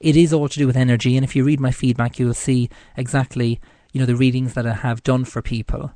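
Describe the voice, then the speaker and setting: A man's voice: medium pitch, little pitch movement, fast talker, dark tone, no echo. A man with an Irish accent hosting his own psychic show, chatting in a rambling way with lots of fillers. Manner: chatty, rambling, many "you know" fillers. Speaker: psychic radio show host. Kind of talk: casual solo show chat.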